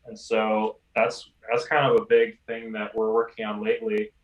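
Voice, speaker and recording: Guy in an interview, flat steady voice, kinda far from the mic. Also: fairly low pitch, normal speed. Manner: easygoing, many "um"s and restarts. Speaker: interviewee from an instrument maker. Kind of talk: recorded interview. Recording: roomy, distant mic.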